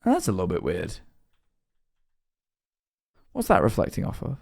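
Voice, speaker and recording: A man's voice: sits low, huge pitch swings, unhurried, vocal fry, darkish tone, slightly rough. A man livestreaming and reacting to videos, rambling with lots of fillers, getting worked up and then sheepish. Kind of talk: casual live-stream commentary.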